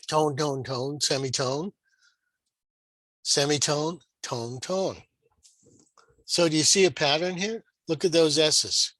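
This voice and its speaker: A man's voice: a little high, fairly bright tone, no room sound, rough recording. A man teaching guitar modes in a screen-shared lesson, patient and explanatory, asking the viewer rhetorical questions.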